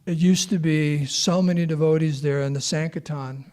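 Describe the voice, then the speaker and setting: A man's voice: a little high, fairly even intonation, moderate pace, darkish tone. A man giving an informal scripture class, chatty and rambling as he tells stories and takes questions.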